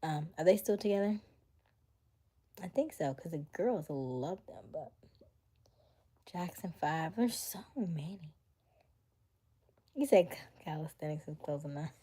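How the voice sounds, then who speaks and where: A woman's voice: sits low, lively intonation, unhurried, pauses often, mellow, breathy edge. A young woman hosting a casual livestream, chatting and reading viewer comments, sometimes slipping into a whisper. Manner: chatty, drops to a whisper at times. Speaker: livestream host reading chat. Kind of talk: casual live chat.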